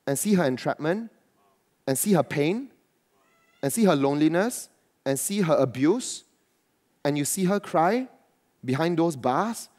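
A man's voice: on the high side, a little mellow. A man preaching a sermon to his church as pastor, riffing with asides and quoted voices.

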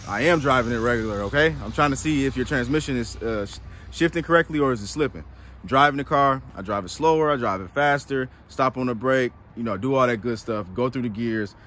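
A man telling a story to camera in a casual vlog, animated and exasperated, full of slang. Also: medium pitch, slight background noise. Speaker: used car dealer vlogger.

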